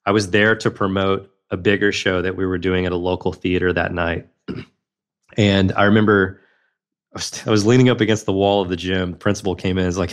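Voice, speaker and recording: A man's voice: sits low, fairly even intonation, brisk. A man in his thirties, a podcast guest telling a personal story in an earnest, reflective way.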